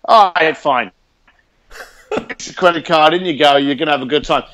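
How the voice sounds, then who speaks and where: Interview guest: man with a high voice, blunt, animated storyteller, swears. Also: normal speed. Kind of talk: casual storytelling.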